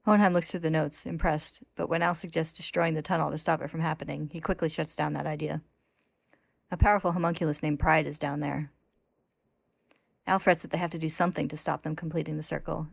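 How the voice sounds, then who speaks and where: A woman narrating a story recap in a steady, plain retelling voice. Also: sits low, quick pace, creaky, no echo.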